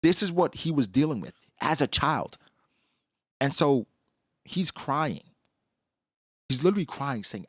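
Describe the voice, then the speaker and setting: A man giving casual, slangy commentary on a comic chapter, acting out characters in quick asides. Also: fairly high pitch, animated, dry recording, studio quality. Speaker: manga reaction host.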